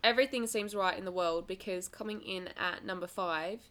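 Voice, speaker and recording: A woman's voice: medium pitch, fairly quick, a bit bright. Woman, podcast co-host, casual chat, upbeat game-show patter. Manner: upbeat, laughs between answers.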